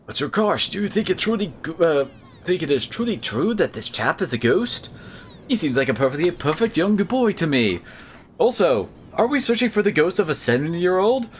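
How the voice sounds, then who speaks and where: A man's voice: on the high side, very animated, normal speed, a little hiss or hum, voice pushed up. A man voicing a dim, fussy male henchman in a game, with a posh and prissy manner. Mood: puzzled.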